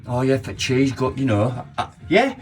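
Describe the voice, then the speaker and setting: A man's voice: mid-range voice, lively intonation, normal speed, soft background music. A man with a Yorkshire accent chatting and joking casually while baking in his home kitchen, swearing freely. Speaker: baking vlog host.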